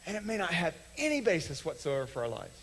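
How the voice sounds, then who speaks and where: A man preaching a sermon from the stage of a church, talking conversationally, acting out short quoted exchanges and slowing down to stress key lines. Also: high-pitched, huge pitch swings, a bit bright, poor audio. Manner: conversational, acts out little quoted dialogues, slows for emphasis. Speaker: pastor. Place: church sanctuary.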